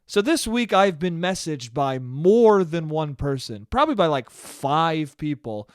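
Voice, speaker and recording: A young man hosting his own podcast, ranting in a profane, animated way. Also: on the high side, a little slow, clean tone, dry recording, studio quality. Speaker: podcast host. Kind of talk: solo comedic podcast rant.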